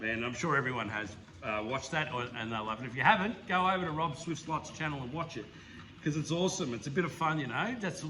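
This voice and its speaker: An Australian man rambles through a casual roundup with a bright, edgy tone and a slightly raised pitch. He is enthusiastic and laughs often, and a faint hiss sits under his voice. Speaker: slot car hobby channel host.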